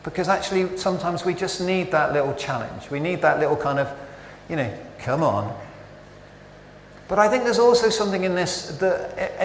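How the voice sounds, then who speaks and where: Guy giving a sermon, kinda high voice, lots of questions, roomy church echo, faint hum behind. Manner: conversational, self-interrupting, animated rhetorical questions. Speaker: preacher. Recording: echoey church with long reverb.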